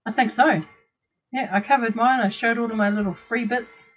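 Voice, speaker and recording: A woman's voice: on the high side, fairly even intonation, normal speed, highs cut off. A woman co-hosting a casual chat, adding brief remarks and laughing easily. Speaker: vape show co-host.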